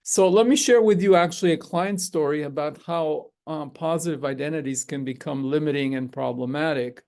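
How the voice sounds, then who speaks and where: Man, middle-aged, spiritual teacher, gravelly, slightly high voice, calm measured talk. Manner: calm and measured, with frequent "uh" fillers. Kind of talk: reflective teaching talk to a group.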